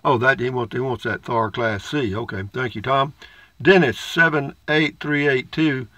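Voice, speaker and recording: A man's voice: mid-range voice, normal speed, a bit bright, dry recording. Folksy man reading comments. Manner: folksy, rambling, dry humor. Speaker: vlogger reading viewer comments. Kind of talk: casual comment-reading chat.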